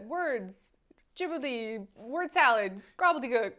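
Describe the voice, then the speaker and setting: A woman co-hosting a casual recap podcast, with a fairly high voice. She talks in an animated way, often slipping into little voices to act out what people said. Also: normal speed. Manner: animated, acts out quotes with voice changes. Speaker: podcast co-host. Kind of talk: casual chat recapping a TV show.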